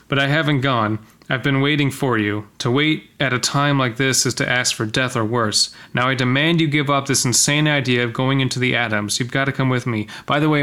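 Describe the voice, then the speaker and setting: A man's voice: medium pitch, sharp tone. A man reading a science-fiction story aloud with a friend, acting out the lines and breaking off to joke about the writing. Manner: reads lines dramatically, then jokes and comments. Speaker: co-reader of a story. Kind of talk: casual reading aloud with banter.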